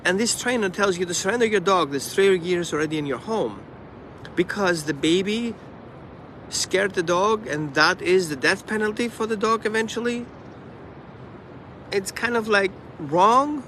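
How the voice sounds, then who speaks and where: A man who trains dogs, talking casually on a live stream and acting out the dog and the owners in quick asides. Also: high voice, sharp tone, slight background noise.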